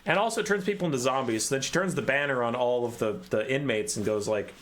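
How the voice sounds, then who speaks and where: A man's voice: medium pitch, quick pace, hardly any pauses, fairly bright tone. A man casually retelling a game story in a rambling, profane way, often correcting himself.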